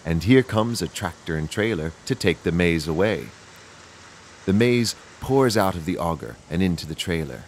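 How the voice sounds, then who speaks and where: A man's voice: deep voice, animated, moderate pace, slight background noise. A man narrating a children's video, pointing things out to young viewers in a sing-song way.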